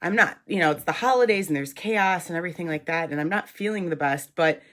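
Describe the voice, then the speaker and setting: A woman's voice: fairly low pitch, quick pace. A woman hosting her own live stream, talking casually and reflectively, with a nasal voice from a cold and many ums and restarts.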